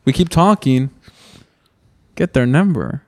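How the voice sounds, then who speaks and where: A man's voice: mid-range voice, animated, slow pace, darkish tone. A young man from Texas telling a rambling, restart-filled story in casual podcast chat, peppering it with "dude". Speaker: podcast co-host.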